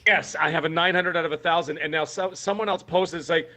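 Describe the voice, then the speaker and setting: A man's voice: a little high, fairly even intonation, fast talker, sharp tone. A man co-hosting a gaming podcast, talking in an emphatic, rambling way with many restarts. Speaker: podcast co-host. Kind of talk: casual podcast chat.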